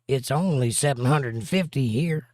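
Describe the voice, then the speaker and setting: A man's voice: medium pitch, normal speed, a little mellow, no echo, clean studio sound. Middle-aged man joking with a crude edge. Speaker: livestream host and musician. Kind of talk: casual chat, reading viewer comments aloud.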